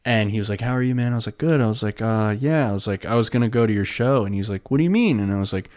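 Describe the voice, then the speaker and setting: A young comedian from Pennsylvania with a low voice tells rambling, profane stories in casual chat. He jumps into quick voices for the people in his stories. The sound is dry and close. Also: no room sound. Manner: rambling, swearing, animated storytelling with voices. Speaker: comedian, podcast guest.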